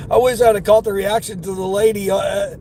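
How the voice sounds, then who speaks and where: Midwestern man, live-streaming delivery driver, high and leisurely, loud car noise. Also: little pitch movement, moderate pace. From Midwestern United States. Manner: chatty, laughs often, greets viewers by name. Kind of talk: casual live-stream chat while driving. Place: inside a car on the road. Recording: road and car noise behind.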